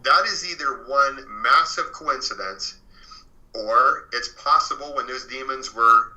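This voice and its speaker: A man's voice: medium pitch, a little slow, sharp tone, lo-fi sound. A man as an interview guest, earnestly telling a true paranormal story in a casual way, full of fillers. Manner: earnest and conversational, many fillers.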